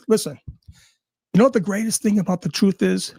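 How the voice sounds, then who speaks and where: A man's voice: sits high, fairly quick, vocal fry, darkish tone, no room sound, studio quality. A man ranting angrily and sarcastically, swearing at almost every turn. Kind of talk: profane rant.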